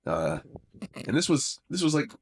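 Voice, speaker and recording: A man's voice: fairly high pitch, big pitch swings, normal speed, gravelly, breathy edge. A young adult man, a stand-up comedian, chatting on a podcast in a wry, rambling storytelling way. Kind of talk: casual podcast chat.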